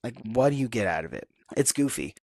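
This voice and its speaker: A man's voice: mid-range voice, sing-song, brisk, darkish tone, dry recording, studio quality. A young man hosting a casual solo podcast, talking frankly and reflectively with lots of fillers and restarts. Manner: rambling, frank, self-reflective with many fillers. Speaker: podcast host.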